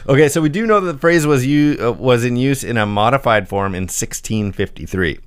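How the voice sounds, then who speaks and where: A man's voice: medium pitch, fairly quick, clear, resonant tone, no echo, clean studio sound. A man co-hosting a casual podcast, explaining word origins from his notes and laughing often. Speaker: podcast co-host.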